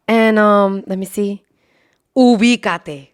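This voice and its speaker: A woman with a mid-range voice, speaking a little slowly, chats casually on her solo podcast. She's brash and swears a lot, laughs often, switches into Spanish phrases and drops into loud whispers for asides.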